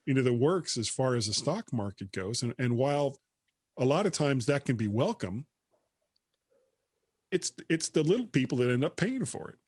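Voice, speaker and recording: A man's voice: mid-range voice, lively intonation, moderate pace, darkish tone, breathy edge, no room sound, clean studio sound. A man co-hosting a tech podcast, chatting casually and laughing as he reads out the news. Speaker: podcast co-host. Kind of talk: casual chat.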